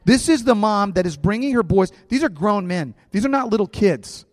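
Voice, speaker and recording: A man preaching a sermon to his congregation, telling stories with lively asides and quick character voices. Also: high voice, no echo, clean studio sound, big-room sound. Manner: animated storytelling, acting out characters. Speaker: pastor.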